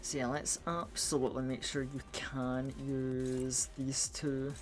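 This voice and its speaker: A man's voice: medium pitch, level tone, a little slow, faint music behind. A man streaming a game, chatting casually and rambling with lots of restarts while groggy from a cold. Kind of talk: casual live gaming stream chat.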